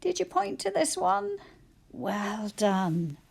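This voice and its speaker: A woman teacher slowly sounding out letters and syllables for young children in a phonics lesson, praising them cheerfully. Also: high voice, big pitch swings, vocal fry, husky. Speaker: primary school teacher.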